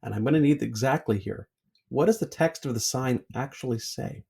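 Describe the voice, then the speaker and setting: Husky guy reading trivia questions on a podcast, measured. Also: mid-range voice, dark tone. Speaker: quizmaster.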